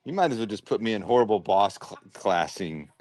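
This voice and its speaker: A man's voice: on the low side, lively intonation, a little fast, a little mellow, no echo. A man hosting a livestream, chatting casually and thinking aloud while he sorts and packs orders. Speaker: livestream host sorting and packing toy brick orders. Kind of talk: casual chat while working.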